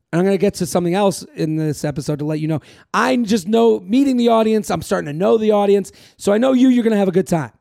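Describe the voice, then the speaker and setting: Guy with a high raspy voice rambling on his podcast, crude jokes, lots of plugs, dry close sound. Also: mellow, no room sound. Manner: rambling, crude joking, self-promoting. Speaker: podcast host and comedian. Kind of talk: casual podcast chat.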